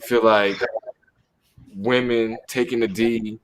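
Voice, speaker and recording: Young man, low-ish voice, candid and animated, casual podcast chat. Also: slow. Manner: animated, acts out what he would say. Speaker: podcast co-host.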